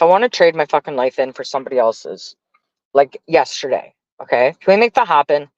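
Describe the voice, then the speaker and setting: A woman's voice: deep voice, expressive, normal speed, a little mellow, no room sound. A woman livestreaming, ranting in a heated, profane, rambling way to her chat. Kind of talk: casual live-stream rant. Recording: dull dry lo-fi stream audio.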